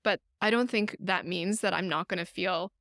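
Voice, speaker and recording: A woman co-hosting a podcast in casual chat, musing and thinking out loud. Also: fairly low pitch, moderate pace, no echo, clean studio sound. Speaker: podcast co-host.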